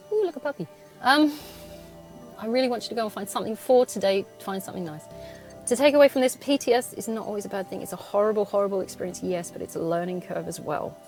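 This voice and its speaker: A woman's voice: medium pitch, quick pace, a little mellow, faint music behind. A woman in her thirties, a podcast host chatting alone while driving, laughing often, swearing and poking fun at herself. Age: 30s. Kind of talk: casual solo chat while driving. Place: in a car.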